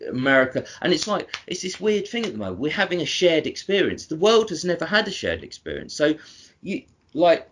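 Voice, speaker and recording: British male podcast co-host, husky and loose, rambling casual chat that circles back on itself. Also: a little high, sing-song, fairly quick, a bit bright. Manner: rambling, self-correcting, teasing.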